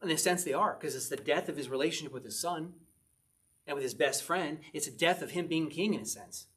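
A man's voice: fairly high pitch, a little fast, fairly bright tone, breathy edge. A man preaching a conversational sermon, reading scripture aloud with emphasis and asking his listeners questions. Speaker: pastor.

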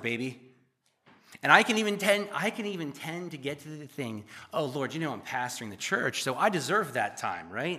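A middle-aged man preaching a sermon as pastor, conversational and joking, asking the church questions and swinging between loud emphasis and quiet asides. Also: fairly high pitch. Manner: conversational, asks the congregation questions.

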